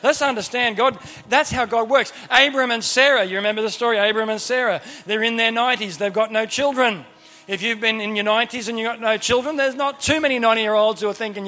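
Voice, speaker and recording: A male preacher with a high-pitched, forceful voice delivers a sermon to a gathered crowd. He tells the stories with humor and plays the characters in between his own questions to the listeners. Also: quick pace. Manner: lively storyteller who acts out Bible characters with humorous asides; speaks to a crowd with frequent questions.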